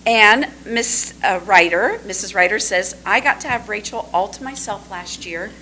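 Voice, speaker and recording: A woman presenting a student award at a school board meeting, reading teachers' tributes with warm, gushing praise. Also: mid-range voice, slight background noise, poor audio. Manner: warm and gushing, trails off to a hush when aside.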